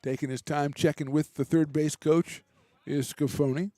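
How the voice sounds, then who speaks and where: A man doing relaxed, chatty play-by-play commentary for a college baseball game, with self-deprecating asides. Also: on the high side, normal speed, dry recording. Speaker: play-by-play announcer.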